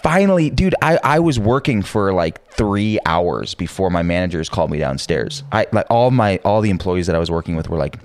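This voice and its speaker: A young man telling a rowdy anecdote in casual chat, swearing freely, full of filler words, and jumping into high voices for quoted lines. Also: expressive, fairly quick, hardly any pauses.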